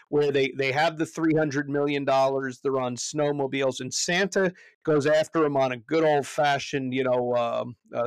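A pastor chatting casually on a podcast about a movie, animated, often restarting and repeating words as he goes. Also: no room sound. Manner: animated, jumps high when retelling scenes.

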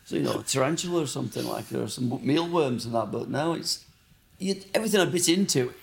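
Fast-talking man, sweary and rambling. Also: mid-range voice, expressive, gravelly, a little hiss or hum. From Blackburn, England. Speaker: guest. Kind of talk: casual interview chat. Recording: roomy echo.

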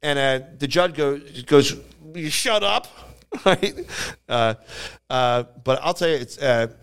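A man with a smooth, clear voice tells animated stories on a casual podcast. He slips into higher voices when he quotes the people in them. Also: takes it slowly. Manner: animated storyteller who jumps into high voices for quoted people. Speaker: podcast co-host. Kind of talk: casual storytelling chat.

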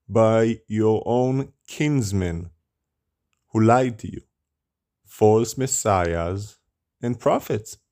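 A man's voice: mid-range voice, mellow. A man preaching as a rabbi, with rhetorical questions and a scornful tone. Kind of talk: sermon.

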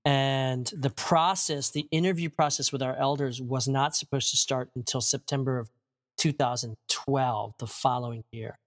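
A man in his forties, a pastor being interviewed, telling a story in a casual, animated way, acting out what people said and laughing often. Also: medium pitch, normal speed. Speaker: pastor, guest.

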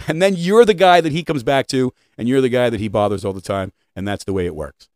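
A man's voice: brisk, no echo. Emphatic man lecturing on a podcast. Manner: emphatic, with frequent "right?" and "okay?" check-ins; swings between loud high stresses and low quiet asides. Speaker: podcaster and retail leadership trainer. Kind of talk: opinionated solo podcast talk.

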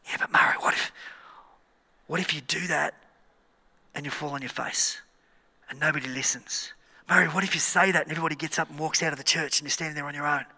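A man's voice: a little high, fairly even intonation, rapid-fire, hardly any pauses, lightly acted. A man whispering as a sly devil tempter. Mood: whispered taunting. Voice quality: hushed and insinuating. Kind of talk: whispered role-play. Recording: church hall reverb.

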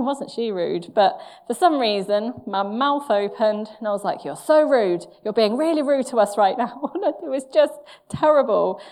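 A woman preaching to her congregation, telling a story against herself with candour and bursts of laughter. Her pitch sits in an ordinary middle range for a woman. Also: a little mellow. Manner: candid, self-mocking storytelling with laughs. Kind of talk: sermon with personal story.

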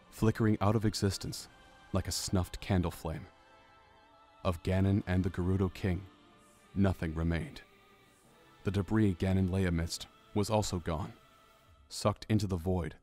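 A man narrating a fantasy audiobook in measured, descriptive storytelling. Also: sits low, warm tone. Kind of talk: scripted narration. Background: faint music.

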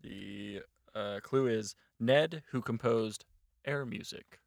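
A man solving a crossword with friends in casual chat, slowly spelling out letters. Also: mid-range voice, gravelly, dry recording, clean studio sound. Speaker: crossword solver.

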